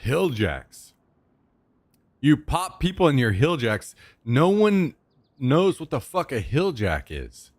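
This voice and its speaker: A man's voice: a little high, big pitch swings, measured pace, no room sound. A young man streaming from home into a desk microphone, in a loose, joking manner that swears casually and chats with his viewers. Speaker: livestreamer. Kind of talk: casual live-stream chat.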